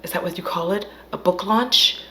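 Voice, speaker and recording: A woman with a slightly low voice tells a horror film's story to her viewers, animated and loose. She acts out the characters' lines in bursts and swears as she goes. A faint hiss sits under the recording. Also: normal speed. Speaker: film reviewer. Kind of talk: casual film recap. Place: at home.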